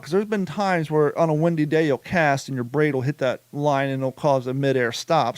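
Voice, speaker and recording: An American man hosting a casual podcast, telling animated fishing stories with swearing and laughter. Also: fairly high pitch, quick pace, few pauses, clean tone, no room sound. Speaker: podcast host.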